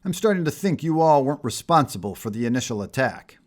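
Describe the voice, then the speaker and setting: A man's voice: mid-range voice, sing-song, quick pace, a little mellow. A man voicing an upright male soldier hero who speaks steadily and plainly. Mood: stern.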